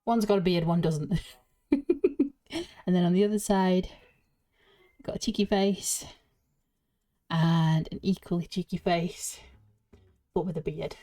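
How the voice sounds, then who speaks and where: A woman's voice: fairly low pitch, fairly even intonation, unhurried, pauses often, warm tone. A woman chatting and giggling to herself while building a Lego set, slightly out of breath. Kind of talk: casual build commentary.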